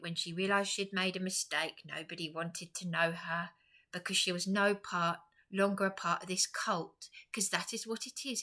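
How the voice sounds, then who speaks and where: A woman's voice: medium pitch, pushed and bright. An upset English woman speaking straight to camera in a rambling, impassioned personal vlog. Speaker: vlogger.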